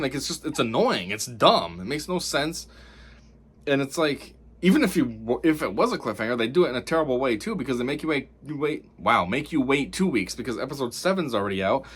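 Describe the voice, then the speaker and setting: Exasperated guy rambling through a tv episode review, lots of um and like. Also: medium pitch. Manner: rambling, exasperated, full of fillers. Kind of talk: casual spoken review.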